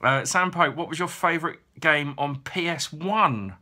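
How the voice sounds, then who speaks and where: A man talks through viewer questions in a relaxed, honest way. His voice has a bright, forward edge, and he pauses often with ums as he gathers his thoughts. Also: a little high. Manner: chatty, frank, hesitant with frequent ums. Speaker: YouTuber answering viewer questions. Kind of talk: casual Q&A chat.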